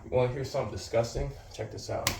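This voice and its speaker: A man's voice: medium pitch, fairly even intonation, fast, creaky, a little mellow, distant mic. Man, casual vlog, slangy, swearing, boastful, a little out of breath, roomy echo. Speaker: vlogger. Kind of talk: casual direct-to-camera vlog talk. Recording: roomy sound from off the mic with faint background noise.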